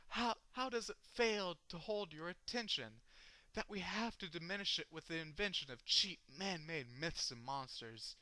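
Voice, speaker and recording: A man's voice: high voice, lively intonation, normal speed, bright, forceful tone, no echo, low-quality recording. A man performing a long rhyming comic poem as a sardonic, sweary rant. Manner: ranting, sardonic, rhythmic, swearing. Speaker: poetry reader.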